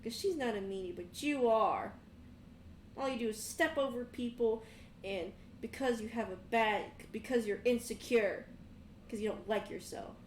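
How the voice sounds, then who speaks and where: A woman's voice: fairly high pitch, normal speed, roomy sound, distant mic, a little hiss or hum, natural voice. A woman voicing a brash, kind-hearted young tiefling boy who stands up to bullies. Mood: defiant. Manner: scrappy, protective, boastful.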